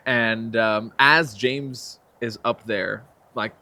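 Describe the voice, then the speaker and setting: A man's voice: mid-range voice, takes it slowly. A young man, a filmmaker and actor, telling stories as a guest in a casual interview, acting out the quotes. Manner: animated storyteller, acts out quotes with laughs.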